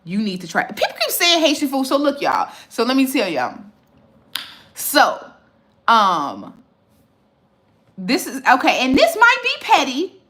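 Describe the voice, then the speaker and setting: A woman's voice: a little high, a little slow, long pauses. A woman, a food reviewer chatting casually on a livestream and answering viewers' comments. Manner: animated, reads and answers viewer comments, repeats herself. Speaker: food reviewer and content creator. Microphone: phone livestream.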